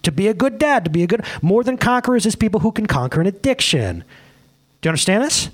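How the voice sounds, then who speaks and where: A male pastor preaching a casual sermon, excitable and rambling, often laughing at himself. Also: sits high, quick pace.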